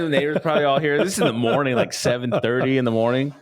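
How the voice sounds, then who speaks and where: A man's voice: medium pitch, rapid-fire, no room sound, studio quality. A young man co-hosting a podcast, telling stories in casual chat, swearing a lot and acting out his own reactions. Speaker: podcast co-host.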